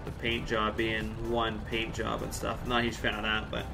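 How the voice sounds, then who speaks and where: A man's voice: fairly low pitch, monotone, moderate pace, gravelly, over music. A man from Central Alberta chatting casually on a live game stream, answering chat with jokey asides. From Central Alberta, Canada. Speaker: game livestreamer.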